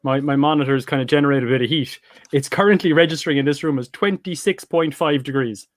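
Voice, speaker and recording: A man's voice: on the high side, quick pace, dry recording, clean studio sound. A man chatting casually as a guest on an online call, hesitant and repeating words. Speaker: guest on a live stream chat.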